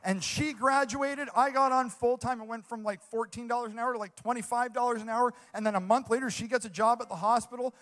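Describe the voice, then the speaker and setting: A man's voice: very high-pitched, fairly even intonation, a little fast, few pauses, a bit bright. A young man preaching a sermon as a youth pastor, earnest and enthusiastic, repeating phrases for emphasis.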